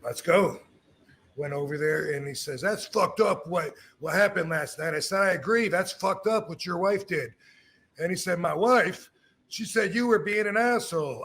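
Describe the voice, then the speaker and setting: A man's voice: high voice, moderate pace, husky. A middle-aged man hosting a podcast, telling a story in casual talk and acting out what others said. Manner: animated, acts out quoted dialogue, frequent restarts. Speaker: podcast host.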